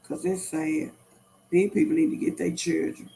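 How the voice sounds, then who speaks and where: A woman's voice: lowish voice, fairly even intonation, normal speed, dark tone. A middle-aged woman hosting a casual livestream, talking straight to her viewers in a repetitive, emphatic way. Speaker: livestream host.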